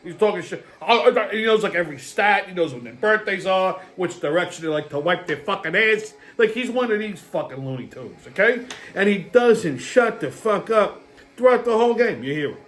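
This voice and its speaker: A man's voice: high voice, lively intonation, moderate pace, a bit bright. A man hosting his own show, telling a story as a profane, heated rant. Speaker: host. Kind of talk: casual ranting monologue.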